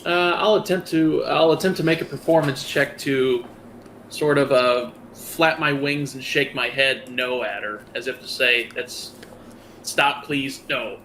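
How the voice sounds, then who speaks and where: A man's voice: mid-range voice, measured pace, fairly bright tone, slight background noise. A man playing a tabletop role-playing game, talking casually with dry amusement. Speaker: player.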